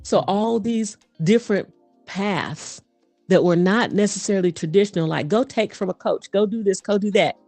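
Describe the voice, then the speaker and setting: A woman guest, a voice coach and performer, speaking in an animated, fast storytelling manner in a casual interview. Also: mid-range voice, no echo, soft background music.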